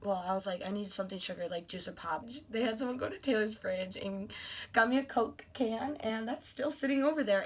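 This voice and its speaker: Bright-voiced gushing young woman vlogger. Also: fairly high pitch. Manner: gushing, animated, many fillers like "like". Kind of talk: excited storytelling vlog.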